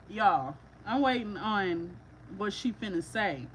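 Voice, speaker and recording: A woman doing a psychic reading for viewers, talking casually and excitably with slang, often breaking into laughter. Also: medium pitch, takes it slowly, slight background noise, poor audio. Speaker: psychic reader.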